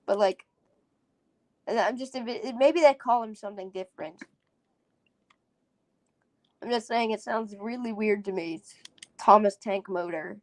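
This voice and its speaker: A woman's voice: medium pitch, measured pace, pauses often, dry recording. A woman hosting a casual solo podcast, rambling and giggling as she sounds out foreign words. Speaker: podcast host.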